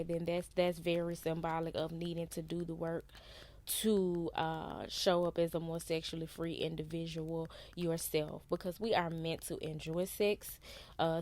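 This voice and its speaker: A woman giving a casual, unhurried tarot reading in a conversational style, using loose slang. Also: fairly low pitch, darkish tone. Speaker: tarot reader.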